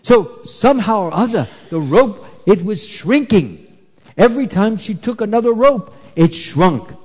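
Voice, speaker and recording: A man telling a story to a room of children, his voice swooping up and down as he quizzes them and hushes the chatter. His tone is soft and mellow, with a husky edge. A long hall reverb trails every phrase. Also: high voice, a little slow. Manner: animated, asks the kids questions, hushes them. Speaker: storyteller at a temple children's event. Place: temple hall. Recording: echoey hall.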